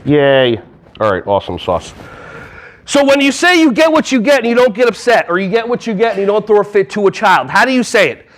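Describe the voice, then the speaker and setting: A man giving a lively, jokey talk at a conference hall on a wireless mic, often acting out little voices. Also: high voice, fairly quick. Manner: playful, jokey, acts out voices. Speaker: conference speaker. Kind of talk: energetic live workshop talk.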